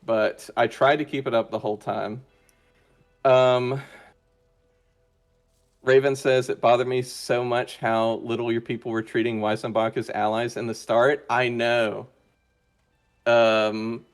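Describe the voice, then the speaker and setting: Man rambling with lots of ums. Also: medium pitch. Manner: hesitant, many fillers and restarts. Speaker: interview guest, roleplay player. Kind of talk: casual chat.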